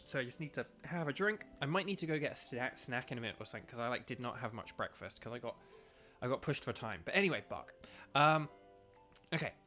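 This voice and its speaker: A man's voice: mid-range voice, expressive, fast, pushed and bright, soft background music. A young man chatting casually and rambling while streaming a video game. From United Kingdom. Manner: rambling, filler-heavy, chatty. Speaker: streamer and voice actor. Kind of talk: casual gaming stream chat.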